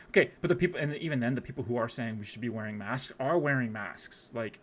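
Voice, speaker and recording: A man's voice: medium pitch, quick pace, hardly any pauses, bright, forceful tone, slight background noise. A young man streaming, rambling through casual profane commentary on a music video with lots of fillers.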